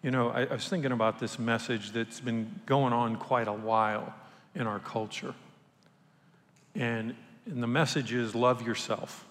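Conversational preacher in a reverberant hall. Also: male voice, medium pitch, steady tone, a little slow, fairly bright tone. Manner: conversational preaching, acts out quoted voices. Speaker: pastor. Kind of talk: sermon. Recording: long reverb from a large hall.

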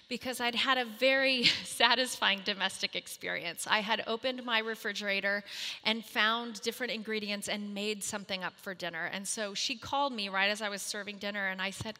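A woman in her thirties telling a humorous, self-mocking story to a moms' group, animated and acting out the voices in her quotes. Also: medium pitch, brisk, big-room sound.

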